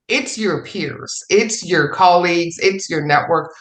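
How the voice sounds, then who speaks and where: A woman's voice: fairly low pitch, a little slow, reverberant. A woman on a podcast panel, talking in a casual, effusive way, repeating phrases for emphasis. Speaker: fellow writer on a podcast panel.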